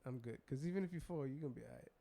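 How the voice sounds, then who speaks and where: A woman co-hosting a podcast, telling stories in a blunt, profane, lively way. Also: extremely low pitch, very fast, vocal fry, noisy background. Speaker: podcast co-host. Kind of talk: casual chat.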